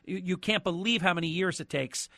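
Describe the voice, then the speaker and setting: Emphatic bright-voiced radio host man. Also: high-pitched, brisk, no room sound, studio quality. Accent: New Jersey. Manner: emphatic, animated, repeats words when excited. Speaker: radio talk show guest host. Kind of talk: call-in radio talk. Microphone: studio microphone.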